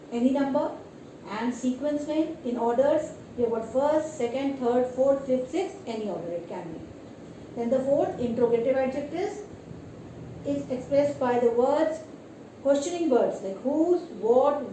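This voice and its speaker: A woman teacher, explaining grammar slowly and often checking in with "right?". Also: high voice, dark tone, a little hiss or hum. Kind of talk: classroom grammar lesson. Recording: echoey room, mic at a distance.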